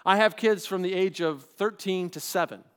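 High-voiced conversational male preacher. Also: normal speed, fairly bright tone, smooth. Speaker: pastor. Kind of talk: sermon.

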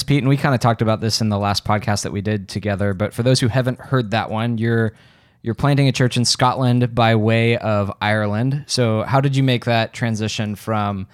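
A man's voice: mid-range voice, no echo, studio quality. A man hosting a podcast, asking questions in an easygoing way and laughing often. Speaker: podcast host. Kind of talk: casual podcast conversation.

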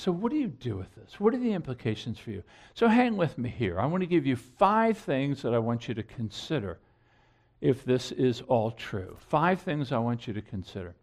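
Animated man preaching a sermon. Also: medium pitch. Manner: earnest, emphatic preaching with repeated phrases and restarts. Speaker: pastor.

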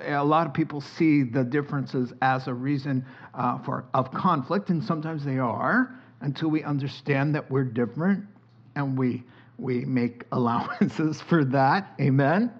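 A middle-aged man preaching a sermon as pastor, telling joking stories and laughing often. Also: on the high side. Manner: animated, joking storytelling with frequent laughter. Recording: dull sound with faint background hiss.

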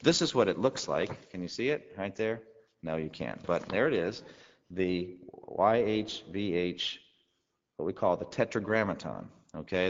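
A male pastor with a very low voice delivers a teaching sermon, talking through the text conversationally and tossing rhetorical questions to the congregation. His voice rings with a long hall reverb and comes through a dull, lo-fi recording.

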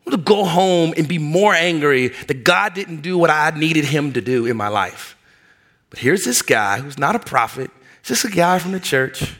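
Male pastor, middle-aged, lively storytelling sermon, bright edge, slightly high voice. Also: moderate pace. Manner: animated, acts out voices in anecdotes.

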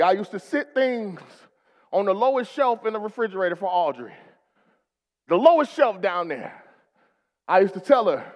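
Preacher, male, rousing sermon with call-and-response, high and lively voice, long church reverb. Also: normal speed, pauses often, dull audio. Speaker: pastor.

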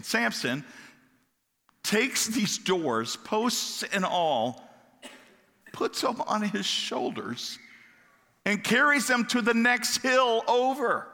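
A man's voice: high voice, pushed and bright. A man giving a casual, joking Bible lesson in a large hall, sometimes stumbling over his words. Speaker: Bible teacher. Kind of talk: conversational Bible teaching.

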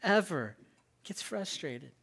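With a gravelly, slightly rough voice, a man preaches a sermon as pastor. He leads the congregation in call-and-response, speaking slowly and emphatically, stressing key words amid lively pitch swings.

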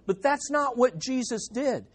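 Emphatic preacher with a lively voice. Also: male voice, extremely high pitch, measured pace, slightly rough. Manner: emphatic, repeats key phrases for effect; quotes imagined voices with dramatic swings in loudness. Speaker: pastor. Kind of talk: sermon.

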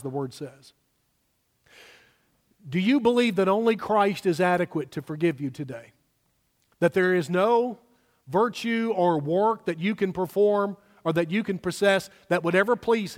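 A man preaching a sermon as pastor, emphatic and slowing down to stress key words. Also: sits high, big-room sound.

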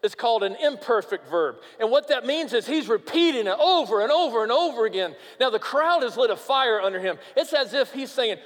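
A man preaching a sermon as pastor, emphatic and animated, sometimes dropping to a quiet, earnest tone. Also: very high voice, brisk. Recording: long reverb of a large hall.

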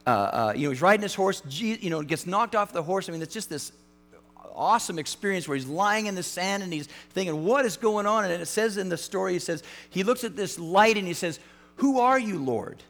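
A male pastor giving a sermon in a casual, animated way, with frequent restarts and fillers. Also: high-pitched, brisk. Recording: hall reverb, mains hum.

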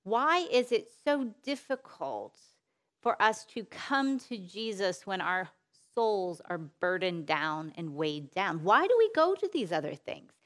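A woman giving a sermon-style Bible talk in an earnest way, repeating phrases for emphasis, asking rhetorical questions and letting her sentences trail off softly. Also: medium pitch, big pitch swings. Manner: unhurried, with soft trailing phrase endings. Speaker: speaker at a women's Bible teaching session.

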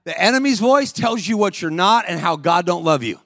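High-voiced man preaching a sermon. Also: lively intonation, normal speed, gravelly, dry recording, clean studio sound. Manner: call-and-response preaching, rising to shouts. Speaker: guest preacher. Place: church sanctuary.

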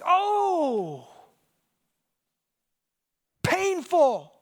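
High-voiced preaching man, rhetorical questions. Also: normal speed. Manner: animated storytelling with rhetorical questions. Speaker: pastor. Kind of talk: sermon.

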